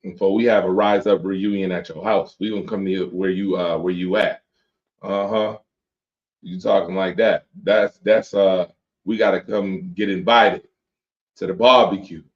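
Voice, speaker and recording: A man hosts a late-night sports talk show, bantering loosely and reading out viewer comments. His voice sits a little low and comes through dull, lo-fi stream audio. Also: fairly even intonation, normal speed. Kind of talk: casual chat with viewers.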